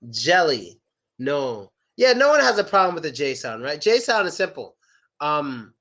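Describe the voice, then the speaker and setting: A young man teaching pronunciation in a loose, chatty way, stretching out sample words to show how they sound. His voice sits a little high and swings up and down a lot as he demonstrates. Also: sharp tone. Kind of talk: casual online lesson.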